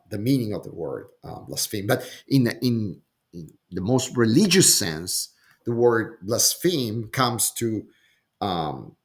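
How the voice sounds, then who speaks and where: A man teaching a Bible passage word by word, speaking slowly and deliberately, often pausing with "um" and checking in with "okay?". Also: lowish voice. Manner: slow and deliberate, frequent "okay?" and "um", repeats words while thinking. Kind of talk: slow explanatory lesson.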